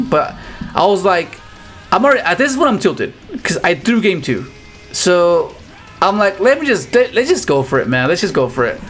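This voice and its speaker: A man giving casual, rambling commentary on his own card game matches, with frequent restarts and excited outbursts. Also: a little high. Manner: rambling, restarts often, animated exclamations.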